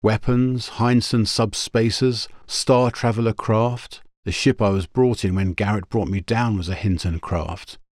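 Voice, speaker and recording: A man playing a tough young space hero, talking in brisk questions. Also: fairly low pitch, steady tone, darkish tone, dry recording, clean studio sound, pitched above the performer's own voice, lightly acted. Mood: alert.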